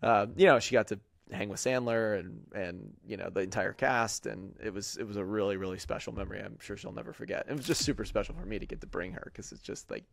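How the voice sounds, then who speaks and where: A man's voice: fairly low pitch, steady tone, fast talker, vocal fry, hardly any pauses, no room sound. A man hosting a podcast, telling a long story in a rambling way with lots of fillers and quoted voices. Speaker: podcast host. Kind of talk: casual chat.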